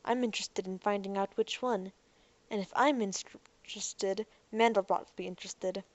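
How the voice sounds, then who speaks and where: A woman reading the part of an earnest, clever young man in an audiobook, talking in a slightly hurried, explaining way. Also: medium pitch, fairly even intonation, dry recording, dull audio, close to an everyday voice.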